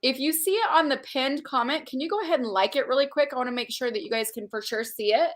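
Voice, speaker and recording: An upbeat woman hosts a live online conference, her voice sitting a little high. She talks in a casual, effusive way and keeps reading out viewers' comments and reacting to them. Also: fast talker. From Utah. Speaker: conference host. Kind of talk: casual livestream chat.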